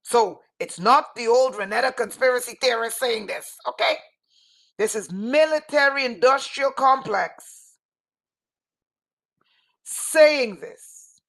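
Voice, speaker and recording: A woman speaking on a livestream as a spiritual teacher, fervent and emphatic, repeating phrases and at times raising her voice to a shout. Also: a little high, takes it slowly, pauses often. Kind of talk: impassioned livestream talk.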